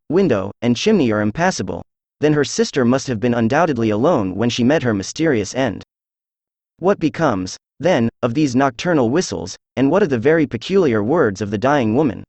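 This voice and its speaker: A man's voice: mid-range voice, no room sound. Tts man doing cool unbothered detective, mid voice, dry sound. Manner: flat synthetic delivery. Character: calm, witty male detective, middle-aged.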